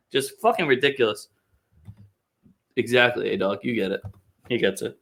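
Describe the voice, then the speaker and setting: A man's voice: mid-range voice, normal speed, gravelly, long pauses, a bit bright. A man hosting a casual sports podcast, ranting with heavy swearing and sarcasm. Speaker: podcast host.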